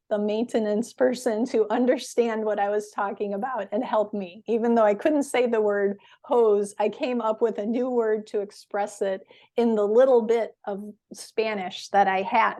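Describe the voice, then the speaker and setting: A woman teaching English in a webinar, explaining words slowly and patiently with clear stress. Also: on the high side, steady tone, a little mellow.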